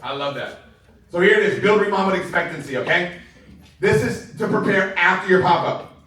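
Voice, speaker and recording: High-voiced, pumped-up male sales coach. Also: moderate pace, slight background noise. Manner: energetic, enthusiastic, laughs often. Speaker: sales trainer. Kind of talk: motivational sales training talk. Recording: very echoey room heard from far off.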